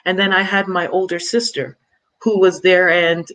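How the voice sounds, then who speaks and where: A woman from Jamaica telling her personal story as a guest in an interview, halting and reflective, often restarting and repeating words. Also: on the low side, little pitch movement, fairly bright tone.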